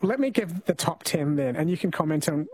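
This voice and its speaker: A man's voice: on the high side, expressive, fairly quick, a little mellow, slight background noise. A man hosting a late-night talk radio show, friendly and conversational, speaking into a studio microphone. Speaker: overnight radio host.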